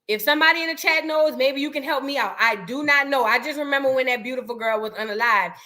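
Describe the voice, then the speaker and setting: A woman's voice: high voice, quick pace, bright, forceful tone. A woman hosting a reaction show, talking to her live chat in a blunt, emphatic way and repeating her points. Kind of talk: casual commentary to a live chat.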